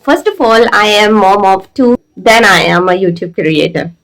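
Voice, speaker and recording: A woman's voice: medium pitch, moderate pace, creaky, fairly bright tone, poor audio. A woman in her thirties with an Indian English accent, chatting casually as a vlog host and laughing often. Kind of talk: casual couple vlog chat.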